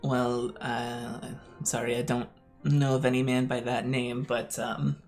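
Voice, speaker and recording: A man voicing a pompous male city official in his mid-fifties, talking in a smooth, officious way. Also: mid-range voice, flat delivery, measured pace, darkish tone, soft background music, natural voice.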